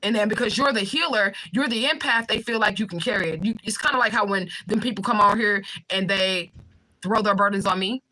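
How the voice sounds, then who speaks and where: A young woman hosting a livestream, talking fast and bluntly with swearing while she reads out viewer comments. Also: medium pitch, pushed and bright, poor audio. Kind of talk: fast casual livestream talk.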